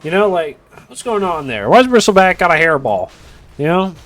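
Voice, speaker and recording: A man's voice: sits high, very animated, moderate pace, a bit bright. A man casting a video game match in a casual, rambling way with joking asides. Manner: rambling, joking asides, lots of "you know". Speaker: esports caster.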